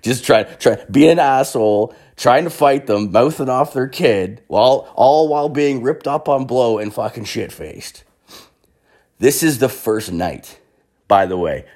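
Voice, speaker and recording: A man's voice: fairly low pitch, darkish tone. A young man telling a long story in a rambling, profane way, full of swearing and fillers, a bit hungover.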